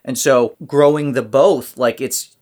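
A man's voice: medium pitch, steady tone, a little slow, a little mellow. A man speaking as a guest in a casual conversation, reflective and rambling with many fillers.

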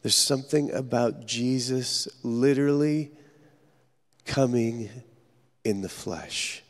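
A man preaching a sermon as pastor, telling stories earnestly with dramatic pauses. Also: medium pitch. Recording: echoey hall reverb.

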